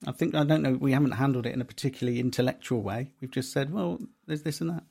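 A man's voice: medium pitch, fast talker, gravelly, mellow, breathy edge. A man co-hosting a podcast, musing aloud and asking questions in casual chat. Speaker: podcast co-host.

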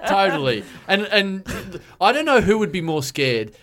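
A man's voice: high-pitched, very animated, unhurried, a crowd in the background. An Australian man hosting a podcast, telling rambling, profane comic stories in casual banter. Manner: rambling, swearing comic storytelling. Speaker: podcast host.

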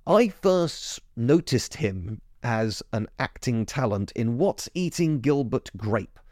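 A man hosting a podcast, talking through a film review in a chatty way, correcting himself as he goes, with his pitch jumping up when he gets keen. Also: sing-song, takes it slowly, a little mellow, no room sound, studio quality. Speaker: podcast host.

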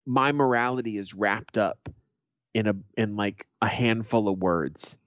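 A man's voice: fairly low pitch, measured pace, a bit bright, no echo. A middle-aged man hosting a podcast, chatting casually as a blunt, profane, joking storyteller. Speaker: podcast host. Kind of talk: casual chat. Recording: dry, dull lo-fi recording.

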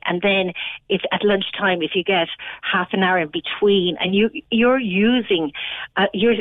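A woman's voice: medium pitch, no echo. Irish woman in her fifties on a phone line. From Ireland. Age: 50s. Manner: earnest, halting, many restarts. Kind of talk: emotional personal account.

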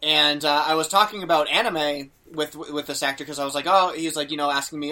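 A man's voice: on the high side, fast, hardly any pauses, slight background noise. A young man chatting casually on a podcast, telling a travel story with lots of fillers and acted-out quotes. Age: young adult. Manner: animated, acts out quotes, many fillers. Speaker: podcast host.

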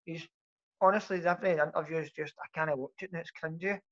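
A man's voice: fairly high pitch, fairly even intonation, fast. Exasperated man, lo-fi sound. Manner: exasperated, sweary. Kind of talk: casual football chat. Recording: muffled lo-fi audio.

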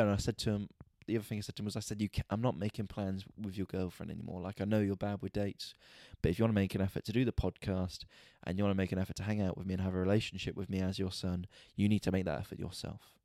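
A man hosting a podcast, telling a story in an exasperated, sweary, animated rant. He is a stand-up comedian talking casually. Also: sits low, fast talker, hardly any pauses, dry recording, clean studio sound. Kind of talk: casual ranting monologue.

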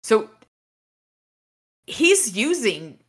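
A woman's voice: fairly high pitch, big pitch swings, drawn-out words, breathy edge. A woman podcast host casually retelling a novel's chapters, rambling with fillers and restarts. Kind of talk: casual book recap.

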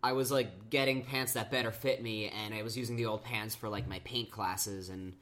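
A young man co-hosting a podcast in casual chat. He speaks in a relaxed way, filling his sentences with "like" and "um". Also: fairly low pitch, normal speed. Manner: relaxed, fills speech with "like" and "um". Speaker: podcast co-host.

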